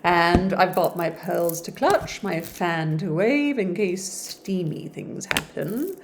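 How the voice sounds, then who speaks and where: A woman's voice: on the low side, slow, background noise. A woman reading a classic novel aloud in a casual way, breaking off for chatty, playful, self-deprecating asides.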